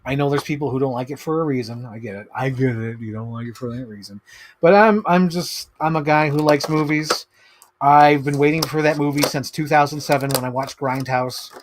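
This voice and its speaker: A man chatting casually on a live stream about his toy collection, excitable and rambling, swearing freely. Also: medium pitch, brisk, slight background noise.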